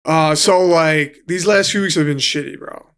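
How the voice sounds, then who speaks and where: NY man, gravelly and a bit high-pitched, casual guest storyteller who swears a lot. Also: moderate pace, fairly bright tone. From New York City. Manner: swears freely, acts out quotes. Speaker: guest, professional fighter.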